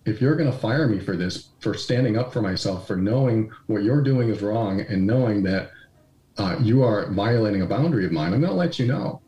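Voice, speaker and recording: A man's voice: on the low side, expressive, brisk, warm tone, muffled recording. A man guest in an interview, telling personal stories candidly and with self-deprecation, acting out quoted dialogue as he goes. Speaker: podcast guest. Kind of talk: conversational storytelling. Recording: roomy echoey recording.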